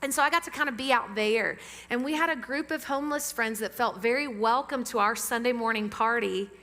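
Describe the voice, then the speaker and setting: A woman pastor preaching a sermon to a church congregation, lively and engaging them with questions. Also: fairly high pitch, fairly quick. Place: church sanctuary with amplified sound. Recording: long reverb of a church hall.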